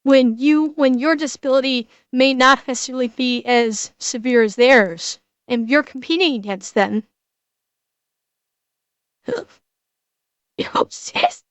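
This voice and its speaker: Earnest high-voiced woman, halting restarts. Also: no room sound. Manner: halting, with many restarts and repeated words; earnest and emotional. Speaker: streamer reacting to a video. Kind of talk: casual reaction commentary.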